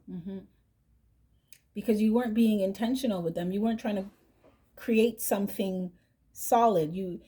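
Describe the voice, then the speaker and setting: A woman's voice: mid-range voice, mellow, husky. A woman doing a tarot reading, chatty and direct, who keeps asking "right?" and adds "mm-hmm" between thoughts. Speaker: tarot reader.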